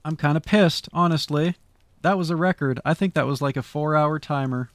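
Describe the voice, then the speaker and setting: A man's voice: on the high side, fairly even intonation, moderate pace, no room sound. A man streaming live, chatting loosely with his viewers as he wraps up, rambling and swearing freely. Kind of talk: casual stream sign-off chat to viewers.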